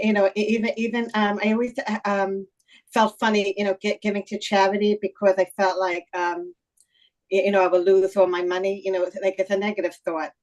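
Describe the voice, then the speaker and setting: A woman on a video call speaking haltingly, stammering with many ums. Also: medium pitch, poor audio. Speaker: call participant.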